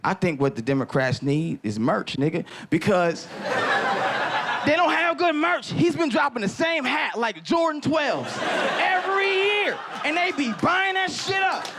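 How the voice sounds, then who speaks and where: High, emphatic man shouting punchlines. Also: big pitch swings, measured pace, heavy background noise. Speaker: stand-up comedian. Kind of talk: stand-up set.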